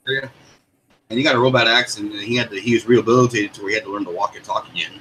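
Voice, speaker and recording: A man's voice: lowish voice, fairly even intonation, racing, a bit bright, slight background noise, poor audio. A man from the United States in casual chat, telling stories in a rambling, stop-start way.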